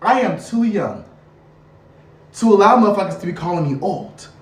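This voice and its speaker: A young woman in her twenties sounds off in a dramatic, animated rant, tossing loud rhetorical questions and slang. She sits a little back from the mic, and the room adds a noticeable echo. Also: medium pitch, moderate pace. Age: 20s. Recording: roomy, a bit far from the mic.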